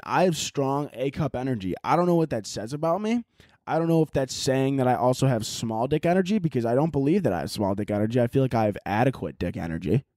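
A young man hosts his podcast solo in loose, joking chat full of swearing, wandering from thought to thought. His voice sits at a middle pitch for a man. The sound is dry and close. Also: warm tone, dry recording. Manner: profane, rambling, jokey. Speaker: podcast host.

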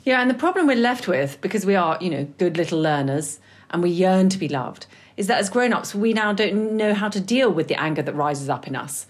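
A woman's voice: on the low side, animated, a little fast. A middle-aged woman co-hosting a podcast, frank and conversational, swearing casually. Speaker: podcast co-host. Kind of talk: podcast chat.

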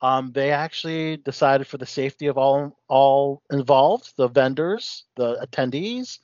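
A man's voice: medium pitch, unhurried, a little mellow, no echo, muffled recording. A man hosting a casual radio talk show, rambling with lots of fillers.

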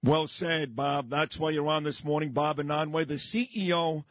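A man hosting a morning radio talk show, interviewing bluntly and with lively energy. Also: a little high, normal speed, no echo. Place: radio studio.

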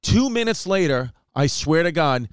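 Male comic host, smooth resonant voice, dry close sound, animated raconteur. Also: on the high side, normal speed, no room sound. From New York. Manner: animated storyteller, acts out quotes. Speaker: comedian podcast host. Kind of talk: casual storytelling chat.

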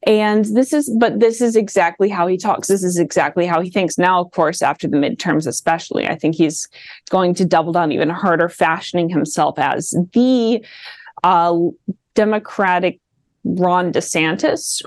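A woman with a faint Midwestern accent, a podcast guest talking politics in rapid, animated bursts with frequent restarts. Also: on the low side, no echo. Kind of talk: casual political chat.

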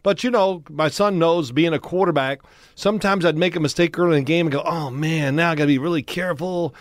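A man's voice: fairly high pitch, quick pace, dry recording. A man in his sixties, a former quarterback and studio guest, telling rambling, folksy stories and acting out what others said. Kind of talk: casual storytelling chat. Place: podcast studio.

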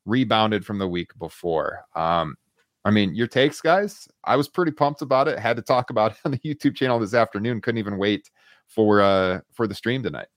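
A man hosting a podcast, laying out numbers and news in a steady, casual way on a close studio mic. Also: lowish voice, no room sound. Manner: steady, fact-heavy, quick asides. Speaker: podcast host.

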